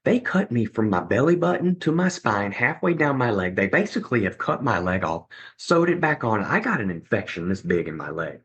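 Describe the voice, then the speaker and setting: A man's voice: on the low side, a little fast, few pauses, muffled recording. A middle-aged man as a podcast guest, telling a personal story conversationally and acting out what others said. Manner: animated, acts out other people's lines.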